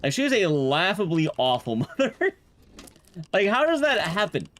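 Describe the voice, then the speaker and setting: Deadpan male game streamer. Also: high-pitched, normal speed, a little hiss or hum. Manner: deadpan, dry joking. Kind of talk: casual gameplay commentary.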